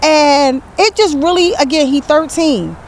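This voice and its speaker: An older woman hosting a podcast, telling a story with lively reenacted quotes and many restarts. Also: sits high, a little slow, slight background noise. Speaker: podcast host. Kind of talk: candid podcast conversation.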